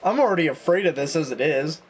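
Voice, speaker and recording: A man's voice: a little high, animated, quick pace, a little hiss or hum. A young man chatting and joking through a video game, reading notes aloud as he goes. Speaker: gaming YouTuber. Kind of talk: let's play commentary.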